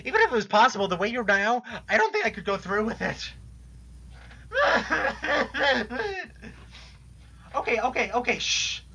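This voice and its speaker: A woman's voice: on the high side, very animated, a little slow, pauses often, husky, exaggerated voice. A woman reading a guilty, stammering girl. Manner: hesitant, stammering, gently reasoning. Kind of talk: live-stream read-aloud of a web comic.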